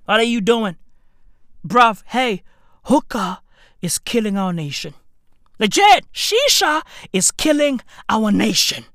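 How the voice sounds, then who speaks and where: Loud, profane woman ranting. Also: fairly high pitch, sing-song, takes it slowly, dry recording, studio quality. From South Africa. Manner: profane, slangy, bursts into shouting. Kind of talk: comedic rant to camera.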